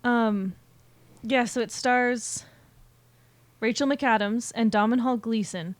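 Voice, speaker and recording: A woman's voice: a little high, no echo. A young woman co-hosting a casual podcast, describing a film she likes, with plenty of ums and short agreeing sounds. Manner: relaxed, fills pauses with "um" and short agreeing sounds. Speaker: podcast co-host. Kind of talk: casual chat about movies.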